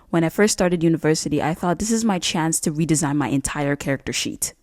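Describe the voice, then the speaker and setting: A young woman with a low, deep-set voice gives casual advice in a vlog. She talks bluntly and swears freely, cracking jokes as she goes. The sound is dry and close, with no room around it. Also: warm tone, dry recording. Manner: blunt, profane, jokey. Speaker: vlogger.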